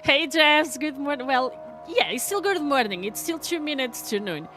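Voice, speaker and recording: Chatty woman streamer, rather high voice. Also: expressive, moderate pace, a crowd in the background. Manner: chatty, laughs often, reads chat aloud. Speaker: live streamer. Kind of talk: casual live stream chat.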